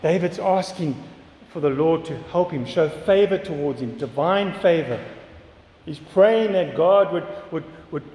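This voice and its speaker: A man's voice: fairly high pitch, measured pace, a little mellow. A man preaching a sermon in an earnest way, often repeating words and asking questions. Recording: echoey hall with long reverb, faint ambience.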